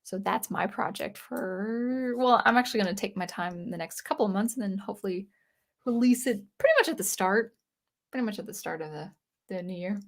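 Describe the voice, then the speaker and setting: A woman's voice: medium pitch, fairly quick. A woman hosting a casual livestream for a music channel, reading viewer comments and rambling with frequent restarts.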